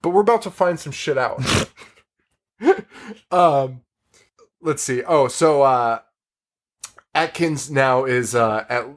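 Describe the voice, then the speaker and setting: A man's voice: mid-range voice, slow, pauses often. A man hosting a podcast, recapping a horror film in casual chat, rambling, swearing and laughing often. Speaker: podcast host.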